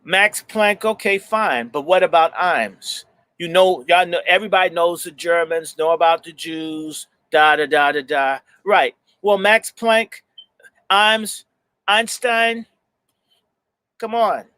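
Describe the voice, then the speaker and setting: Male host, higher-pitched voice, intense and emphatic delivery, repeats lines for force, dry close-mic sound. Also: measured pace, bright, forceful tone, clean tone, no room sound. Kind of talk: heated commentary and reading aloud from a book.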